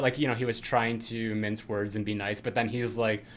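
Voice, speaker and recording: A man's voice: on the low side, level tone, normal speed, hardly any pauses. A man co-hosting a podcast in casual chat, rambling with lots of fillers and frequent laughs. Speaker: podcast co-host.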